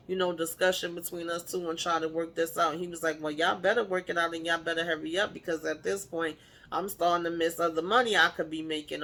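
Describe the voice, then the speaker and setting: A woman recapping a TV episode in casual chat, acting out the characters' lines with animated shifts in voice and laughing along. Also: fairly low pitch. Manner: animated retelling, playfully acts out the characters' lines; laughs while retelling. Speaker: TV show recapper.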